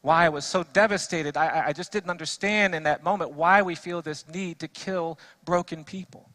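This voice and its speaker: A man, a defense lawyer, giving an earnest storytelling speech to a church audience. He drops soft in sad passages and builds to emphatic repetition when he preaches. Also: fairly high pitch, fairly even intonation, moderate pace.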